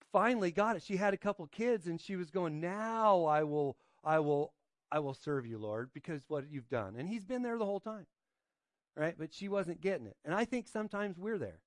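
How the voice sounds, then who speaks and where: A man with a fairly high voice preaches an informal sermon. He asks his listeners questions and checks in with "right?". He often stops on fillers and restarts. The sound is dry and close. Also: no room sound. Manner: hesitant, with frequent fillers and restarts. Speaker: pastor. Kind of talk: conversational sermon with scripture reading.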